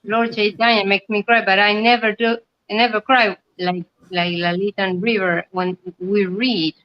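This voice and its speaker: A woman taking part in an online class, speaking hesitantly and softly in casual chat. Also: medium pitch, little pitch movement, moderate pace, highs cut off. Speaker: class participant.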